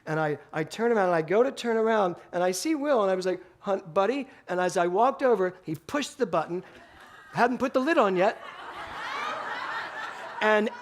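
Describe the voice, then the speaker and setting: A male minister giving a Sunday talk in a spiritual center, telling an animated story with bursts of laughter. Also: high-pitched, moderate pace, pauses often. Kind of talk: sermon storytelling.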